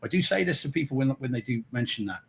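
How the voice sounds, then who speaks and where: A man's voice: mid-range voice, animated, fast talker, gravelly, a little hiss or hum. A man with an English accent co-hosting a podcast, chatty and easygoing in casual banter. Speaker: podcast co-host.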